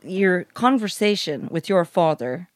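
A woman's voice: lowish voice, animated, unhurried, dry recording, clean studio sound. A woman co-hosting a podcast, arguing her point in casual banter.

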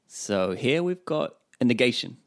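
A man's voice: medium pitch, very animated, measured pace, vocal fry, no echo, studio quality. A man co-hosting a language lesson, repeating phrases and asking checking questions. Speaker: co-host and learner.

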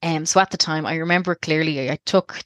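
A low-pitched Irish woman in her thirties recounts her own experience as an interview guest. She talks candidly and rambles, breaking off and restarting her thoughts. The recording is dry and close. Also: fairly quick, fairly bright tone, no echo. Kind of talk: personal storytelling interview.

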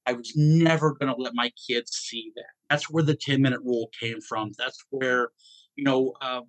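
A middle-aged man, telling a personal story as a podcast guest, halting and stammering, low and subdued. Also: steady tone, no echo, rough recording. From Georgia, US. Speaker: guest dad.

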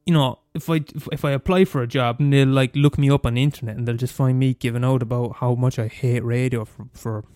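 A young Irish man ranting profanely on his podcast, talking fast and mumbling. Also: medium pitch, fairly even intonation, a little mellow, clear, resonant tone, dry recording, clean studio sound, soft background music. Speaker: podcast host. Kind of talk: casual solo rant.

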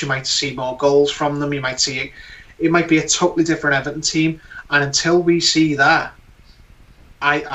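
A man's voice: mid-range voice, pushed and bright. A man giving his views as a guest pundit in a casual chat, earnest and full of fillers and restarts. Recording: voice distant from the mic.

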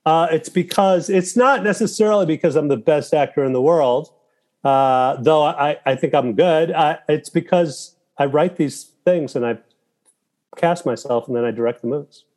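A man talking as a guest in a casual interview, telling animated stories with profanity and quoting his own thoughts aloud. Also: a little high, moderate pace. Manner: animated storytelling with profanity and quoted inner thoughts. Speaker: guest, filmmaker and actor.

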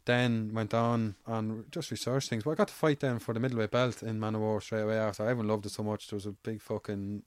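A man's voice: fairly low pitch, fairly even intonation, fast talker, few pauses, no room sound. An Irish man, an amateur MMA fighter, telling stories in casual, rambling, swear-heavy chat. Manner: swears freely, rambling anecdotal.

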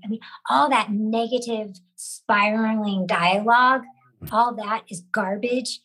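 A woman's voice: mid-range voice, measured pace, fairly bright tone, low-quality recording. A woman, a working actress, speaking as a podcast guest in a candid, reflective way. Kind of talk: casual interview chat.

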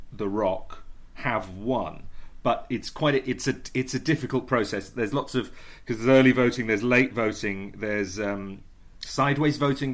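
Guy on a comedy pod rambling and restarting, hesitant, jokey chat. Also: lowish voice. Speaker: comedian guest. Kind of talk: casual comic banter.

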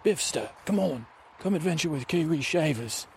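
A man voicing a dreamy, whimsical woodland adventurer with a slow, drawn-out, sing-song delivery, recorded outdoors on a handheld recorder. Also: on the high side, animated, vocal fry, a little mellow, voice pushed up. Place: outdoors on a wooded trail. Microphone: handheld recorder with fuzzy windscreen. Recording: faint outdoor traffic ambience.

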